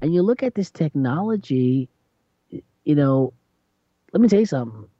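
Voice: medium pitch, lively intonation, moderate pace, dark tone, dry recording, lo-fi sound. A radio host in a casual, chatty monologue who tells stories and acts out quotes in a raised voice.

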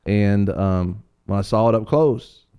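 A man's voice: fairly low pitch, a little slow, mellow, clean tone. A middle-aged man telling a funny story in casual chat, laughing often and acting out the people he quotes.

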